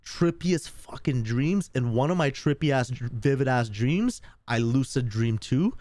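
A man's voice: mid-range voice, no room sound. A man streaming a game, chatting casually with viewers in rambling, slangy, cursing talk.

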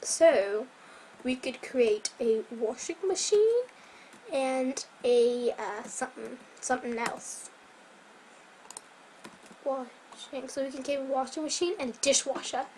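Slow, rambling young woman gaming. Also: high-pitched, lively intonation, darkish tone, slight background noise, rough recording. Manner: rambling, self-correcting, chatty. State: voice a bit strained. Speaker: Minecraft let's player. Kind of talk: casual gameplay commentary.

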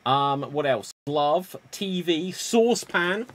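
Brisk, upbeat male improv host. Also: fairly high pitch, expressive. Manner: brisk, upbeat, running the games. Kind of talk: hosting an online improv show.

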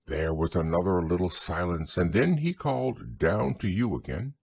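A man narrating a children's story as a gentle, unhurried bedtime audiobook. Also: low-pitched, big pitch swings, creaky, slightly rough, no room sound.

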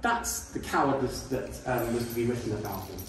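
A British guest speaker gives an informal history talk with slides to a school audience in a school hall, chatty, with indignant asides and many ums. His medium-pitched voice is animated and a little fast. The echoey hall is picked up by a distant mic, with background noise.

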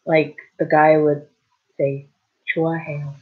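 A woman's voice: fairly high pitch, lively intonation. Patient woman teaching, muffled lo-fi audio. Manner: patient, repeats words slowly, checks in with "okay? right?". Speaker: Korean language teacher. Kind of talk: casual spoken lesson.

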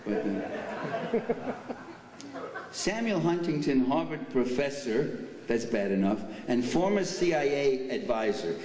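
A man's voice: mid-range voice, very animated, takes it slowly, pauses often, a little mellow. An older man giving a political speech at a banquet, sarcastic and full of mocking asides. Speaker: speaker at a banquet. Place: banquet hall. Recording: echoey hall from far off.

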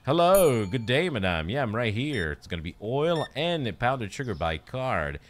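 A man's voice: medium pitch, very animated, moderate pace, a bit bright. A young man streaming a shop game, playfully playing a polite cashier who greets and thanks each customer. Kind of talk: casual game commentary.

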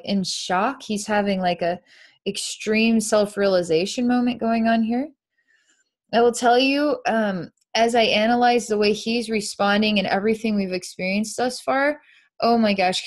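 A woman psychic narrating a live energy-healing session in an earnest, meandering way, describing what she sees as it happens. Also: medium pitch.

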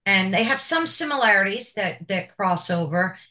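A woman's voice: mid-range voice, expressive, moderate pace, bright, forceful tone. A woman hosting an interview show, asking her guest questions in a chatty, personal way. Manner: chatty, personal, with filler repeats. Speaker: podcast host.

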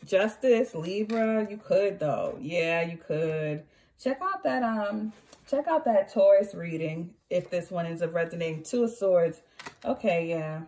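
A woman's voice: fairly low pitch, expressive, measured pace, warm tone. A woman giving a casual tarot reading who chats freely, corrects herself and laughs often. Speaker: tarot reader.

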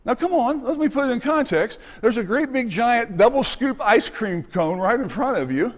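Animated high-voiced man preaching. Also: moderate pace, in a large hall. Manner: animated, acts out voices and shouts. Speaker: pastor. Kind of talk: sermon. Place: church sanctuary.

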